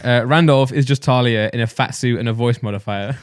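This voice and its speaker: A man's voice: medium pitch, a little fast, smooth, dry recording, clean studio sound. A young man co-hosting a podcast, joking and teasing his co-host in casual banter.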